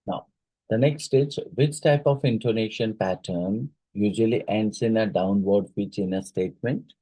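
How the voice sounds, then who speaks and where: A man leads an exam-prep lecture, reading out each question and repeating it before working through the answer. His voice sits low and mellow with a slightly husky edge. The recording is dry, with no room sound. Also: normal speed, no echo, poor audio. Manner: talks through questions, repeats them aloud, many fillers. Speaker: teacher.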